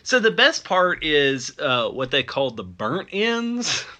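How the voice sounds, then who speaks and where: A man's voice: fairly high pitch, very animated, slow, pushed and bright. A man from the South, co-hosting a casual film review chat, joking loosely and laughing often. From American South. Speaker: podcast co-host.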